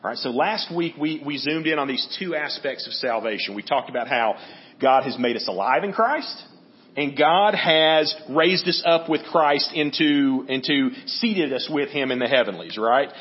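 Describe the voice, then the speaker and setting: A man's voice: medium pitch, lively intonation, normal speed. A man preaching a sermon in a conversational teaching manner, often checking in with "right?". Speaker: pastor. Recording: dull lo-fi audio.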